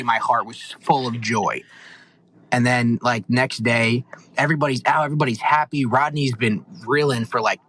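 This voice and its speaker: Young guy on a podcast, bright voice, rambling excited recap. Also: mid-range voice, low-quality recording. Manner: animated, rambling storytelling. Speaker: podcast co-host.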